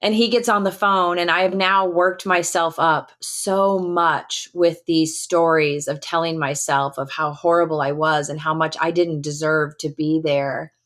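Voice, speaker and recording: A woman's voice: sits low, fairly even intonation, a little slow, few pauses, a bit bright. A middle-aged American woman, a retired Air Force colonel, telling a personal story as a podcast guest in a candid, emphatic way with casual fillers. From United States.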